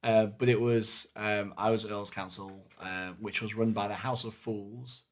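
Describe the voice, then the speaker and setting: A man co-hosting a podcast, retelling a live-action game weekend in casual chat, full of fillers and animated asides. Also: on the low side, measured pace. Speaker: podcast co-host.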